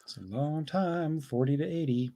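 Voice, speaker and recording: Stream host, male, higher voice, relaxed reader of chat messages. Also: moderate pace. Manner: relaxed, reads messages aloud with fillers. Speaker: live stream host reading viewer messages. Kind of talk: casual live stream chat.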